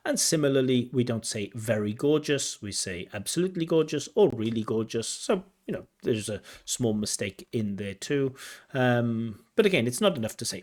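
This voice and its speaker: A man's voice: medium pitch, expressive, darkish tone. Man explaining speaking-test mistakes. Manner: explanatory, corrective, pauses to replay and comment. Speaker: IELTS examiner giving feedback. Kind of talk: spoken feedback commentary.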